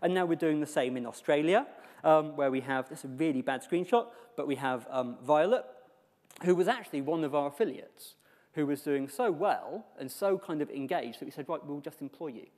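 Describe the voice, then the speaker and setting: Guy doing a conference talk, kinda high voice, dry jokey asides, big hall echo. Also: animated, normal speed, a little mellow. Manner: wry, joking asides. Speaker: conference speaker. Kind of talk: conference presentation. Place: large lecture hall. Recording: echoey hall reverb.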